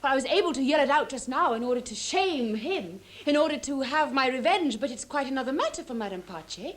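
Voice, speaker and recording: An actress playing a proud, vengeful young stepdaughter who speaks with passionate, urgent indignation. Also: female voice, sits high, lively intonation, a little fast. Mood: indignant.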